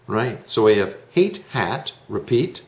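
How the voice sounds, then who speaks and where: A man teaching English pronunciation in a one-to-one lesson, modelling sounds slowly and patiently. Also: fairly low pitch, very animated, darkish tone, echoey room.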